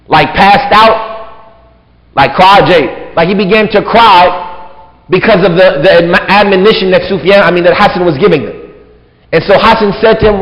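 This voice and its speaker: A man's voice: high-pitched, moderate pace, a bit bright. A man teaching a religious lesson in a casual, conversational way, saying "like" and "right?" often. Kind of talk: mosque lesson with translation. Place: large mosque hall. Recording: dull lo-fi recording with long hall reverb.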